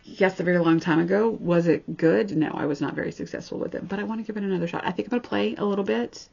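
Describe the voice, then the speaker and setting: A woman's voice: mid-range voice, fast, gravelly, a little mellow, husky. A woman showing her cross-stitch patterns in a casual vlog, gushing and chatty with snarky asides. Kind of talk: casual show-and-tell chat. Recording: slightly dull lo-fi sound.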